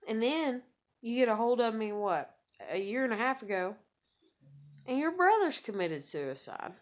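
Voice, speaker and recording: A woman's voice: a little high, very animated, slow, pauses often. A woman unloads in a raw vlog rant, her talk thick with curses. She is blunt and bitter and stumbles back over her own words as she grows agitated. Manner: heavy swearing, bitter and blunt; repeats and restarts words when agitated. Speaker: vlogger. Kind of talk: angry ranting monologue to camera.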